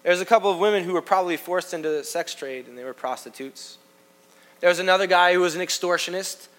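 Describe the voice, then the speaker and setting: A man delivers a sermon with a somewhat high-pitched voice. His talk is lively and conversational, and he addresses the listeners directly. He often moves from loud, emphatic lines to hushed asides. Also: quick pace. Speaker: pastor.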